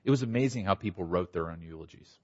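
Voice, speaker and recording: A middle-aged man, a pastor, giving a conversational conference talk with quick asides and a slight Southern accent. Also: sits low, lively intonation, darkish tone. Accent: slight Southern American. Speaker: pastor and church planter. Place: conference hall. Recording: dull audio in a large hall.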